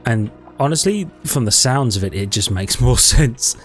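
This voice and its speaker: A man's voice: mid-range voice, expressive, moderate pace, soft background music. A man giving casual let's-play commentary, thinking aloud in a chatty way and correcting himself as he goes. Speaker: gaming YouTuber.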